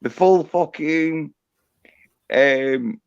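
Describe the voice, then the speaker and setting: A man's voice: a little high, drawn-out words, creaky, smooth, dull audio. An Englishman chatting casually on a live stream, rambling and swearing as he jokes. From England. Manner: rambling, profane, joking.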